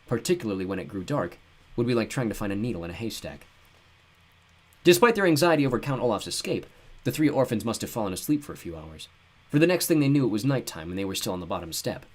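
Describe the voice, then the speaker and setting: A man narrating an audiobook with expressive storytelling and wry asides. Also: on the low side, husky. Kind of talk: scripted narration.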